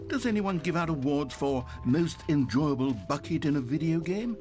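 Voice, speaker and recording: A man's voice: a little high, animated, normal speed, natural voice. Dry sardonic game narrator guy, a man playing him, salesman-ish and teasing, faint music under it. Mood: wry. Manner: dry, mock-sincere, teasing. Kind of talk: scripted video game narration.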